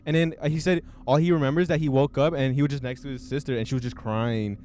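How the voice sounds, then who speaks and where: A man's voice: fairly high pitch, fast talker, darkish tone. A young man hosting a podcast, telling a story in loose, filler-heavy casual chat and laughing often. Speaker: podcast host.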